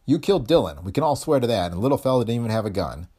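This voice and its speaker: A man's voice: mid-range voice, very animated, very fast, dark tone, breathy edge. Man voicing a hard-boiled weary detective. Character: tough, weary male private detective. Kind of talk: audiobook character reading.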